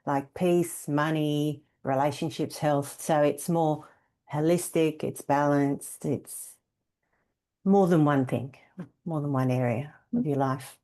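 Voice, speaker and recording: A woman taking part in an online workshop, speaking in a measured way as she lists her thoughts. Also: sits low, steady tone, dark tone. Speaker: workshop participant.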